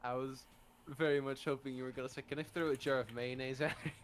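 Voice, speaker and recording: A man playing in a tabletop game, joking quickly and laughing. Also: mid-range voice, fairly even intonation, slight background noise. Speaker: player. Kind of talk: casual tabletop game play.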